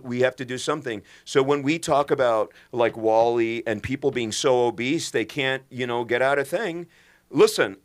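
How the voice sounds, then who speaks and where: An impassioned man in middle age, speaking as a doctor on a podcast. His delivery is earnest and emphatic, and he keeps restarting his sentences mid-thought. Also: mid-range voice.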